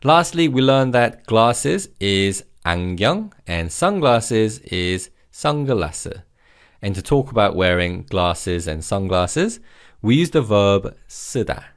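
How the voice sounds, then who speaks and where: A man teaching vocabulary in a recorded language lesson, encouraging and repeating each word slowly for learners to follow. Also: on the low side, very animated, clean tone.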